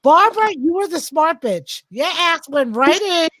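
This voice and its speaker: A woman's voice: very high-pitched, a little slow, no room sound, rough recording. A woman hosting a casual chat with friends, telling a crude story with lots of swearing and acting out the other people's lines. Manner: crude, lively, acts out quotes with voices. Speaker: podcast host telling a story. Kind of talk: animated storytelling among friends.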